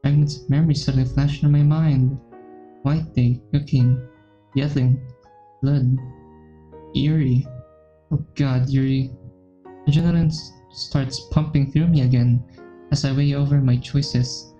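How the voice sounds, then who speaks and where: A man's voice: medium pitch, steady tone, a little slow, long pauses, dark tone. A man reading a visual novel aloud, narrating steadily in the first person on a dull lo-fi recording. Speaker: gaming YouTuber. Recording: dull lo-fi recording with faint music.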